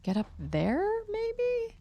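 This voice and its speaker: A woman's voice: very high voice, wildly swooping pitch, extremely slow, dark tone, muffled recording. A woman streamer chatting casually and thinking aloud while she plays a game. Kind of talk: casual gameplay chat.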